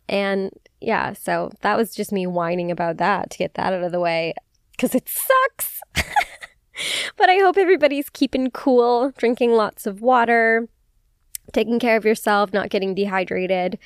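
A woman's voice: mid-range voice, smooth, dry recording, clean studio sound. Chatty swearing woman in her twenties. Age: 20s. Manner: chatty, swears freely, laughs often, animated retelling. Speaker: podcast host. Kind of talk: casual storytelling chat.

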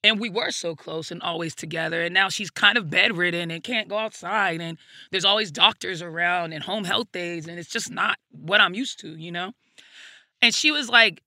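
A woman's voice: on the low side, moderate pace, pushed and bright, no room sound, clean studio sound. A woman, a guest comedian, speaking frankly and reflectively in an interview, with plenty of "like" and "you know" and casual swearing. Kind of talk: candid personal storytelling in an interview.

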